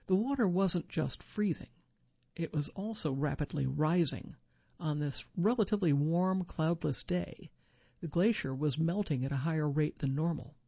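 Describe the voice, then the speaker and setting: A narrator reading a true survival story in a measured storytelling manner, lifting the quoted lines. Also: medium pitch, creaky, warm tone, no echo, dull audio.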